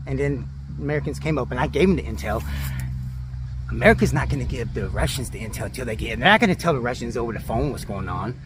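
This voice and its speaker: A man's voice: lively intonation, quick pace, a crowd in the background. A man narrating his airsoft mission outdoors in casual, rambling talk full of swearing and jokes, often dropping to a whisper. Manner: swears constantly, rambling and joking; often drops to a low whisper. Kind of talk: casual profane game narration. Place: outdoors in woods.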